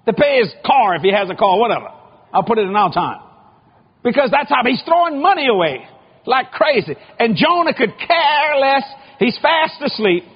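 A male preacher giving a joking, animated sermon, often shouting, heard on a lo-fi recording. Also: extremely high pitch, slightly rough. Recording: lo-fi muffled recording.

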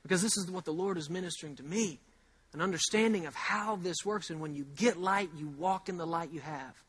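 High-pitched male preacher, chatty sermon delivery, drives points home with slow repeated lines. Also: fairly bright tone, husky. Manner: repeats key phrases slowly for emphasis; conversational, with rhetorical questions. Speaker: pastor.

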